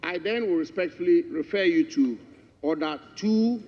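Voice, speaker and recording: A man with a Ghanaian English accent making a formal statement in parliament, deliberate and emphatic, repeating formal courtesies. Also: high-pitched. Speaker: member of parliament. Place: large parliamentary chamber. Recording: dull broadcast feed, long chamber reverb.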